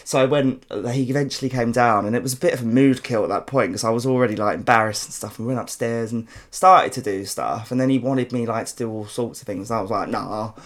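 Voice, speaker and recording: Talking quickly at medium pitch with hardly any pauses, a South London podcast host spins stories. He's chatty and laughs often, swearing a lot in his local accent during the casual chat.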